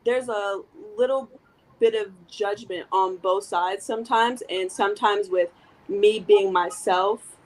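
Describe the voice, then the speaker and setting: A young woman in casual conversation, reserved and soft-spoken, speaking on a video call with lots of fillers. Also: mid-range voice, measured pace, poor audio. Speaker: co-host.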